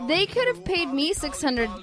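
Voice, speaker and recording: A woman co-hosting a casual sports talk podcast, blunt and quick to laugh, swearing freely. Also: high-pitched, very animated, music in the background. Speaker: podcast co-host.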